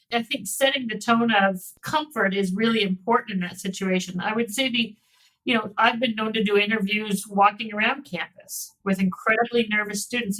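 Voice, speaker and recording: A woman working in private school admissions, talking through interview tips in a relaxed panel discussion, with frequent restarts. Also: mid-range voice, rough recording. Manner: warm conversational storytelling with many restarts.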